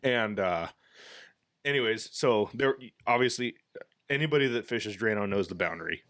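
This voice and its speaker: A young man hosts a relaxed fishing podcast, his fairly low voice recorded dry and close. He tells stories candidly, swears freely and laughs often. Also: normal speed, no echo. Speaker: podcast host. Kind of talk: casual fishing podcast chat.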